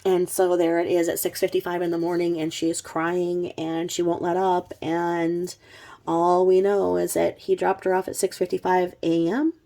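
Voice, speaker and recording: Brief: a middle-aged woman, chatty and sarcastic, with a gravelly, low voice, telling true crime. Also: flat delivery, normal speed, dark tone. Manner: chatty, sarcastic, with blunt asides. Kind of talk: casual vlog narration.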